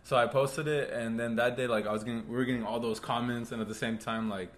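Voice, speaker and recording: A young man telling a story on a casual podcast chat, relaxed and loose, with lots of fillers. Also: medium pitch, fast, slight background noise. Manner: laid-back storytelling with frequent fillers. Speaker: podcast co-host.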